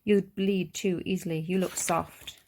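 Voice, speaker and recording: A woman's voice: fairly low pitch, fairly even intonation, a little slow, a little mellow, a little hiss or hum. A woman voicing a curt, wary street boy. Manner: curt, matter-of-fact.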